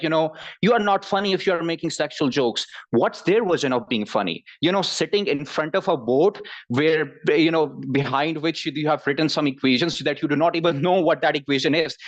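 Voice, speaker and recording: Halting man in a comic debate speech. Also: a little high, dull audio. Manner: halting, full of restarts and "you know". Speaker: debater as deputy leader of opposition.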